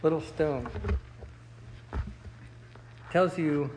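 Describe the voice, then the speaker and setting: A man teaching a Bible study class in a relaxed, conversational way, with many fillers and restarts. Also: mid-range voice, unhurried, big-room sound, a little hiss or hum, poor audio. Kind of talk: casual Bible lesson.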